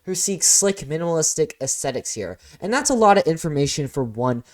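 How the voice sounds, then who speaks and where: An exam-prep teacher talks through free-response answers point by point. The delivery mixes reading out prompts with relaxed, offhand commentary in a mid-range voice. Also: medium pitch, a little fast. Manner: reads prompts, then adds casual asides. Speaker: AP Human Geography teacher. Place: lives in Florida.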